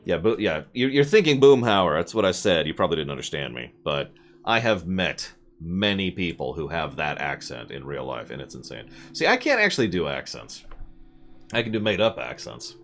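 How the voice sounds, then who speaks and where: A man streaming a video game, rambling and joking as he plays, often jumping into high mock voices. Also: very animated, normal speed, a bit bright, soft background music. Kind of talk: casual gameplay commentary.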